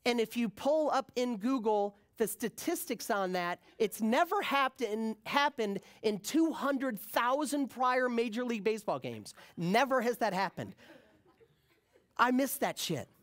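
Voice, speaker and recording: A man's voice: very high-pitched, unhurried. A man giving a conference talk, telling a personal story casually and acting out the people in it. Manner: animated, acts out the people in his stories; casual, slangy. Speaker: keynote speaker.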